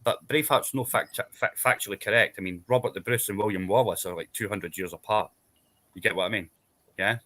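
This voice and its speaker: A man's voice: on the low side, brisk, bright, forceful tone. A Scottish man in casual chat, rambling through long explanations and checking in with tag questions. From Scotland. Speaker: panel guest.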